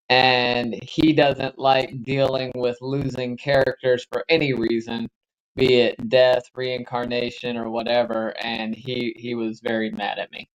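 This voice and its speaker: With a mid-range voice captured on dull audio, a man co-hosting a livestream chats while gaming, wandering through anecdotes and giving hedged recommendations.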